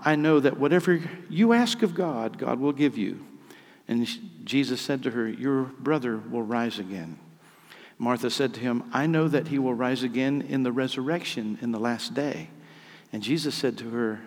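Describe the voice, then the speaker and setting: A man's voice: mid-range voice, expressive, moderate pace. A man preaching a sermon, reading scripture dramatically and then explaining it. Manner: dramatic reading, rising to loud cries on key lines. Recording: long hall reverb.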